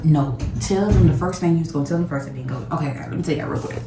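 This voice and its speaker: A woman's voice: sits low, very fast, background noise. A woman vlogger chatting straight to her viewers from her home kitchen. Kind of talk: casual talk to the camera. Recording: echoey room.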